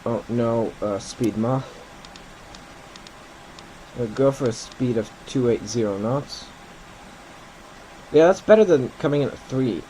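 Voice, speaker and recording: A man's voice: mid-range voice, slow pace, long pauses, warm tone, a little hiss or hum, low-quality recording. A man giving casual commentary while playing a flight simulator, thinking aloud and correcting himself as he goes.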